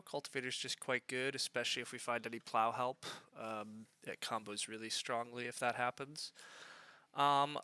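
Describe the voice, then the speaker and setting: A man's voice: medium pitch, bright, forceful tone, clean tone, no echo. A man streaming a board game live, thinking aloud in a chatty way with lots of fillers as he weighs his picks.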